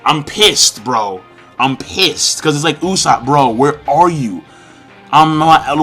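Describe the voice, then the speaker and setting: A young man giving a fired-up, profane, rambling manga review with shouted outbursts. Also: a little high, lively intonation, slow, faint music behind. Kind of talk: ranting commentary.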